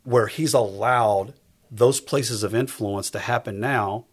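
A husky-voiced man in his fifties, speaking as a guest in a faith-based conversation. He talks emphatically, with a preacher's cadence, and circles back to repeat his key lines. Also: on the low side, takes it slowly. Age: 50s. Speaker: guest on a faith talk show.

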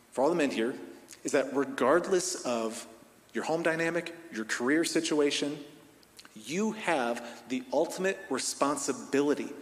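Preaching man with big volume swings. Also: medium pitch. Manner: preaching with strong swings in volume, from hushed to loud. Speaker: pastor. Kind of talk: sermon. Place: large church hall. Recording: long hall reverb.

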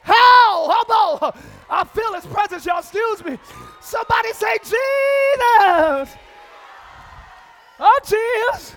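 A man preaching a live church sermon, shouting call-and-response lines to the congregation and laughing between exhortations. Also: very high-pitched, expressive, takes it slowly, some chatter behind. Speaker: pastor.

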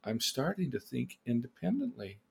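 Huge pitch swings run through his medium-pitched, gravelly, slightly rough voice as he talks at a normal speed. A therapist and teacher, he uses theatrical storytelling to teach about emotional independence, exclaiming and then putting questions to his listener.

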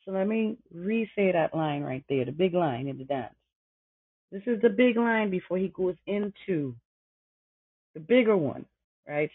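A woman's voice: on the low side, breathy edge, no echo. A woman podcast host giving passionate, preachy commentary on a historic speech, talking straight to her listeners. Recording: tinny phone-like dry recording.

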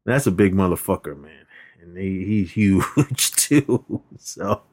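Guy on a movie podcast, keeps cracking up, does squeaky voices for the quotes. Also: expressive, slow, a little mellow. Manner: laughs constantly, acts out quotes in a high voice. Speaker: podcast co-host. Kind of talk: casual movie recap chat.

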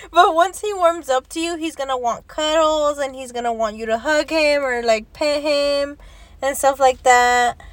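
A young woman with a high, bright-pitched voice chats casually, laughing often and swearing freely as she slips Spanish words into her talk. The sound is close and dry, with no room around it. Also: moderate pace, no room sound. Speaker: vlogger. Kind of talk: casual chat.

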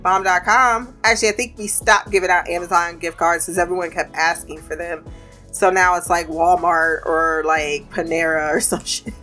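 Soft music plays behind a woman with a lowish voice who speaks at a normal speed. She's venting casually about her remote team, telling it in a profane, laughing, animated way.

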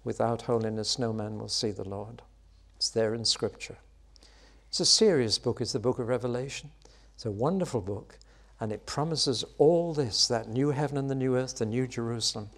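At a normal speed, a male preacher delivers an expressive sermon that swells into loud, high-pitched exclamations and then settles into soft, quiet passages.

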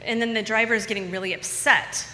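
A woman's voice: mid-range voice, fairly even intonation, fast talker, sharp tone, long reverb tail. A woman telling a personal story to a live audience in a casual, chatty way, repeating words for emphasis.

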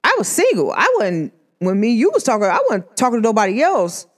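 A woman's voice: fairly high pitch, a little fast. A young woman chatting casually and animatedly, telling a personal story with slang and acted-out voices. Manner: animated, expressive, slangy, acts out voices in her stories.

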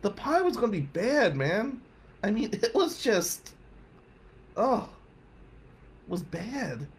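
Man, higher-pitched and expressive, casual anecdote told straight to the audience. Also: takes it slowly, slight background noise. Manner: animated, conversational, addresses listeners directly. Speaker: storyteller.

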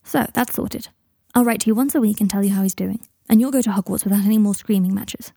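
A woman's voice: medium pitch, fast, creaky, mellow, dry recording, studio quality. A woman voicing an earnest young wizard. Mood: gentle. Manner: earnest, rising to indignant outbursts. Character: young man Harry, a kind, protective wizard.

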